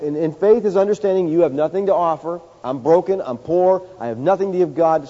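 A man preaching a sermon, emphatic, swinging from loud high peaks to low quiet lines. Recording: dull sound with long hall reverb.

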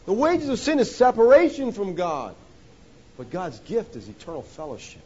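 Male pastor, sermon delivery, lively pitch, slightly high voice, muffled lo-fi recording with faint hiss. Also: moderate pace. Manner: emphatic preaching, swinging between loud exhortation and hushed lows; addresses listeners as "folks". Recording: dull lo-fi sound with faint hiss.

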